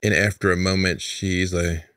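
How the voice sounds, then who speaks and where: A man's voice: low-pitched, flat delivery, moderate pace, fairly bright tone, dry recording, clean studio sound. A man narrating as game master in a casual, loose style.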